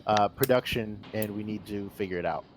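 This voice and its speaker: A man's voice: lowish voice, brisk, noisy background. A man playing in a tabletop game, talking hesitantly with many restarts and fillers. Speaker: player.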